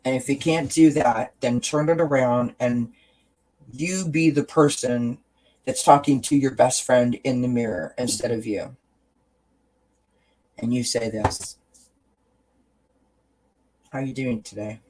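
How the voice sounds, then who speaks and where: A man's voice: mid-range voice, fairly even intonation, unhurried, long pauses, darkish tone, low-quality recording. Earnest man giving encouraging advice. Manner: earnest and encouraging, repeats phrases. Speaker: host. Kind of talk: casual wellness chat to viewers.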